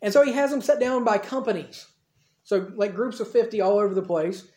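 A man preaching a storytelling sermon with a soft, mellow tone. He talks conversationally and retells the scene in everyday speech. His voice carries a roomy echo from the hall. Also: high voice, a little fast. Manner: conversational, acts out dialogue in the retelling.

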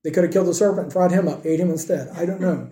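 A man preaching a sermon, asking rhetorical questions and moving between emphatic lines and hushed ones. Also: sits high, racing. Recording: echoey room.

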